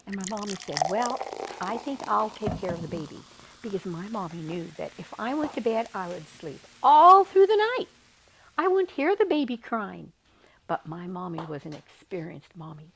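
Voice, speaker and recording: An older woman telling a childhood story in a gentle, sing-song way, lingering tenderly on her words. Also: on the high side, slight background noise, poor audio. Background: music.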